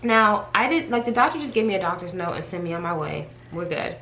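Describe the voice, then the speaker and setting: A woman vlogger chatting to her viewers in a casual storytime, animated and talkative as she addresses them directly. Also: on the low side, fast, a little hiss or hum, poor audio. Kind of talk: casual storytime chat to camera.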